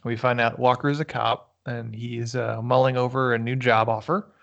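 A man's voice: medium pitch, flat delivery, moderate pace, creaky, a bit bright, muffled recording. A man casually recapping a movie with a friend, joking crudely and laughing often. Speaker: podcast co-host.

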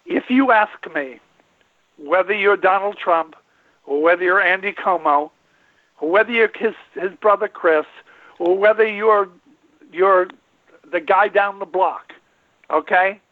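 A man's voice: high-pitched, unhurried, long pauses, no room sound. A man in his late seventies hosting a call-in radio show, rambling and emphatic, repeating himself for effect. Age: 70s. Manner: rambling, folksy, emphatic with repetitions. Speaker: radio show host and veterinarian. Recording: tinny phone-line audio.

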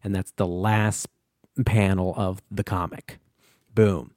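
A man's voice: deep voice, flat delivery, slow pace, a little mellow, dry recording, studio quality. A man hosting a comic book podcast, recapping an issue in a loose, rambling way and swearing often.

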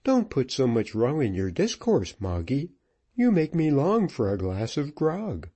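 A cheerful, easygoing fiddler with a good-humoured way of talking, as the male reader does him. His voice is mellow and dark and moves a lot in pitch. Storybook reading. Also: wildly swooping pitch, unhurried, husky, heavily acted. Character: cheerful homely man, a fiddler.

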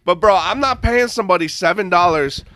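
A man co-hosting a casual podcast, telling a story with lots of energy and acting out phone calls. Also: a little fast. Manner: animated storyteller who acts out phone calls in a high mimicking voice. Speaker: podcast co-host, restaurant owner.

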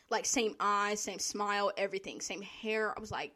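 A woman's voice: medium pitch, fairly quick, hardly any pauses, fairly bright tone. A young woman telling a casual, profane story about her work, laughing often as she talks. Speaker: store worker telling work stories.

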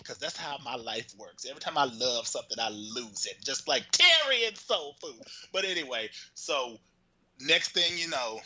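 A man casually chatting and retelling a soap opera, animated and rambling, with frequent cursing. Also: mid-range voice, fairly quick, low-quality recording. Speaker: storyteller recapping a soap opera. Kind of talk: casual chat.

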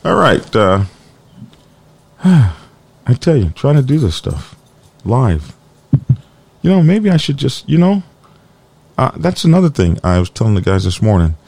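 A man's voice: medium pitch, very animated, unhurried, gravelly, long pauses, a little mellow, breathy edge, no room sound. A man hosting a casual biker news live stream, rambling and joking while dealing with his dog and computer trouble. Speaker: biker news show host.

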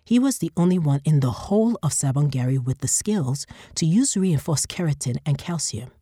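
A woman narrating a story in a calm, steady reading. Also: low-pitched, moderate pace, breathy edge, no room sound, studio quality.

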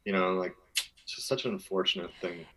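A man's voice: sits low, sing-song, brisk, creaky, a bit bright, poor audio. A man from Minnesota, a guest telling a long personal story in a casual interview, full of fillers and restarts. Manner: rambling, filler-heavy, earnest.

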